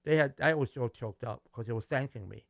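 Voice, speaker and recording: A man's voice: medium pitch, brisk, creaky, no echo, muffled recording. A middle-aged man with a Brooklyn New York accent, telling stories animatedly as a musician guest in a casual interview. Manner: animated, acts out quoted dialogue, restarts.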